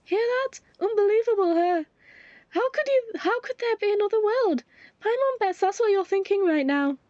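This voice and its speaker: Woman doing Paimon, squeaky chirpy sidekick. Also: normal speed, no room sound. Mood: teasing. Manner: squeaky, excitable, talks about herself in third person. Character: small chirpy female floating companion. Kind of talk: fan voice-over of a game scene. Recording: dull lo-fi with faint music.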